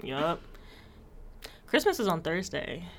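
A woman co-hosting a podcast, chatting casually with blunt, animated storytelling. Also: on the low side, slow, a loud crowd. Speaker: podcast co-host. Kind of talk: casual chat.

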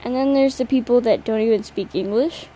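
A woman's voice: a little high, brisk, mellow, poor audio. A young woman hosting a solo podcast late at night, tired and yawning, rambling in a slangy, self-mocking way. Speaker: podcast host. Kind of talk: casual solo chat.

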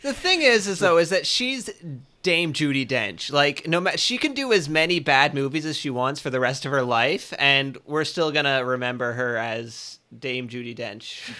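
A man chatting casually as a podcast co-host about a movie, earnest and animated. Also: medium pitch, moderate pace. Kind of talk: casual movie review chat.

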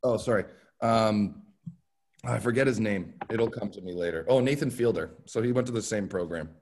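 A man, a comedian guest, chatting casually on a podcast and explaining things in a relaxed, rambling way. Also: fairly low pitch, moderate pace, slight background noise. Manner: relaxed, filler-heavy storytelling.

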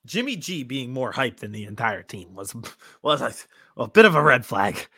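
A man's voice: medium pitch, sing-song, moderate pace, sharp tone, slightly rough, no room sound. A man hosts a casual sports podcast in a mid-range voice, recorded dry and close. He is laid-back and teasing, and he keeps the show moving from segment to segment. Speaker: podcast host.

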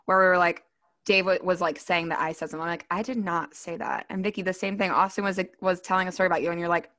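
A woman co-hosting a casual podcast, quick and excitable, moving the show along. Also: on the low side. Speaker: podcast co-host. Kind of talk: casual chat.

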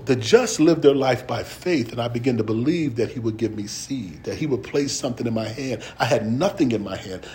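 Lively preacher with a high voice. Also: male voice. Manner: reads scripture slowly, then tells stories quickly and laughs; folksy and conversational with slang. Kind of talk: sermon.

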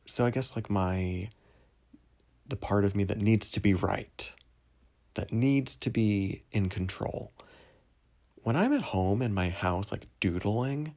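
Young man from New Jersey, podcast host; low, gravelly voice; casual, wandering, self-mocking monologue. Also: a little mellow. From New Jersey, USA. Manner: rambling, digressive, self-deprecating.

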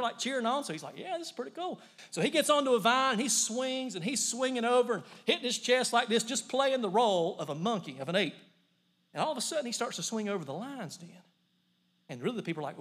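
A middle-aged male pastor with a high voice delivers a sermon. He tells stories with lively energy, jumping from loud exclamations to quiet, hushed lines. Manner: animated storytelling, swings between loud and hushed.

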